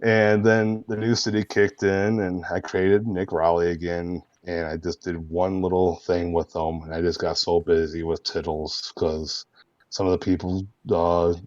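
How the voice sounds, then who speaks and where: A man guest in a casual interview, telling animated, laughing anecdotes with lots of fillers. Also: sits low, a little slow, no echo, muffled recording. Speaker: guest, roleplay streamer.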